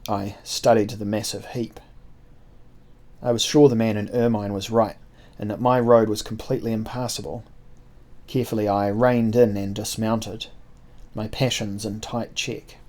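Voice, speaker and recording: A man narrating a historical adventure novel in the first person, with measured, expressive storytelling. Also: fairly low pitch.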